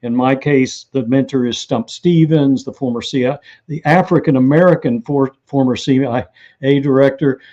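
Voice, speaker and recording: A man, an author being interviewed, telling lively stories and acting out what people said. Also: mid-range voice, moderate pace, lo-fi sound. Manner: animated anecdotal storyteller who acts out quotes. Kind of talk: interview storytelling.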